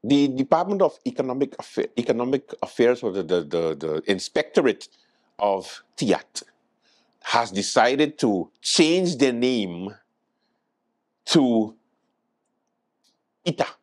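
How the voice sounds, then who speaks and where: A man delivers a late-night comic monologue with a wildly swooping pitch that leaps and drops. He speaks at an unhurried, drawn-out pace, sounding exasperated and mock-incredulous. He stumbles over repeated words for comic effect. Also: very animated. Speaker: late-night show host.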